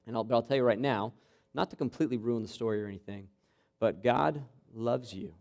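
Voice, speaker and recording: Male preacher, sermon, casual teaching tone, frequent "okay?", gets animated. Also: mid-range voice, fairly quick, creaky. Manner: conversational, checks in with "okay?"; builds to animated, vivid retelling. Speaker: campus pastor.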